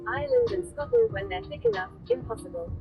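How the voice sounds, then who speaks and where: A woman's voice: extremely high pitch, huge pitch swings, fast talker, vocal fry, muffled recording, over music. Synthetic woman reading chat messages.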